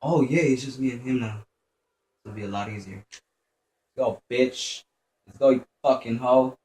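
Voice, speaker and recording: A young man commentates while playing, his mid-range voice a little slow and darkish. Profane and tense, he keeps muttering to himself, recorded in an echoey room with some faint background noise.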